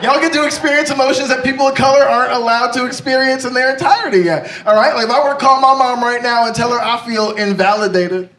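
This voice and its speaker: A young man performing a stand-up set, brash and confessional, talking in an animated way. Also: very high-pitched, quick pace, few pauses. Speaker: stand-up comedian. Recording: roomy echo, mic far off, noisy.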